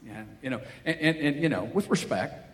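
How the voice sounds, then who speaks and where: A man with a slightly high, a bit bright voice and lively intonation preaches at a normal speed. His sermon retells Bible stories, and he acts out the voices of the people he quotes. The recording has a long hall reverb and some faint ambient noise.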